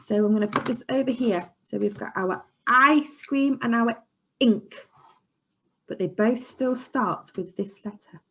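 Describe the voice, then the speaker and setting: Woman, early years teacher, sing-song and encouraging, slow and clear, swooping pitch. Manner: sing-song, encouraging, dips into soft whispers. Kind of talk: phonics lesson for young children. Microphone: camera she sets up herself.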